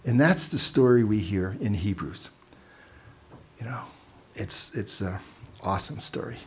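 A man's voice: fairly low pitch, expressive, a little slow, a little hiss or hum. A man giving a casual, conversational sermon, telling stories with asides and repeating words as he goes. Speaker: preacher.

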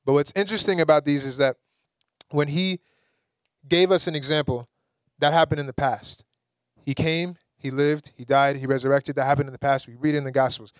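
A young man from the Caribbean preaching a sermon, lively and rising to emphatic peaks. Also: on the high side, a little fast, no echo, clean studio sound.

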